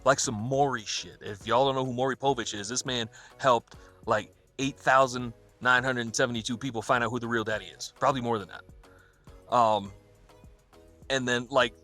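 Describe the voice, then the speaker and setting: Man, podcast host, bright forceful tone, casual profane storytelling, laughs while he talks, faint music behind. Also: medium pitch, normal speed. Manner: profane, laughing, animated retelling with quoted dialogue.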